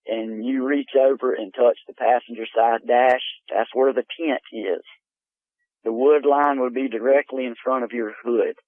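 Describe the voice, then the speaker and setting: A man casually telling a story about a night at a campsite, rambling and excited, saying "man" and "dude". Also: mid-range voice, no room sound. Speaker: caller telling a camping encounter. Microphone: telephone. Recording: tinny phone line.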